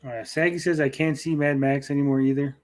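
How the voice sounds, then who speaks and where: A man's voice: mid-range voice, steady tone, fast talker. Brief: male stream host, blunt and jokey, reads chat, swears casually. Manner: blunt, joking, swears freely. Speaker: show host reading chat.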